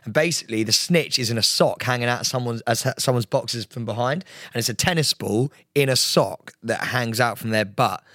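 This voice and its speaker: A man co-hosting a podcast in casual banter, excitable and playful as he rattles on. His voice sits at a middling pitch, recorded close and dry with no room around it. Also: a little fast, few pauses, no room sound. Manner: excitable, playful, talks in run-on explanations. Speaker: podcast co-host.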